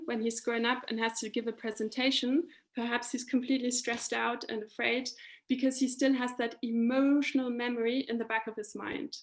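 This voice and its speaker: A woman health and life coach, patiently explaining a technique in a guided coaching session over a video call. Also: on the high side.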